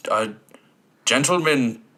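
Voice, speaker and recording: A man's voice: mid-range voice, lively intonation, takes it slowly, sharp tone. A young man co-hosting a casual movie podcast, joking and playful. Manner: joking, playful, mock-emotional. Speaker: podcast co-host. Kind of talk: casual chat. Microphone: USB microphone.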